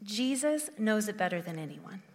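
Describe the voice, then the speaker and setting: A woman's voice: mid-range voice, sing-song, normal speed, long reverb tail. A woman preaching a sermon in an earnest, conversational way, restarting her phrases often.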